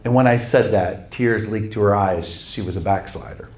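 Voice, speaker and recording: With a fairly low-pitched voice, a man preaches, reading scripture and recounting a vivid testimony story sprinkled with fast laughs and pointed asides.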